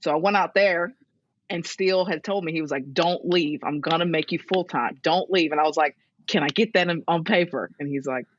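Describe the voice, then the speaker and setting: A deep-voiced woman in her thirties, a strength and conditioning coach, speaks fairly quickly while telling stories as a guest in a casual interview. She laughs often and livelily acts out other people's lines in a raised voice. The audio is dull, dry lo-fi with a little hiss or hum.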